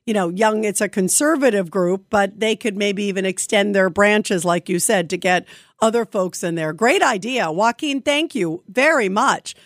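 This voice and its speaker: A woman's voice: mid-range voice, moderate pace, dry recording, studio quality. A woman hosting a call-in radio talk show, chatting with callers in a conversational way with plenty of fillers. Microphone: studio microphone.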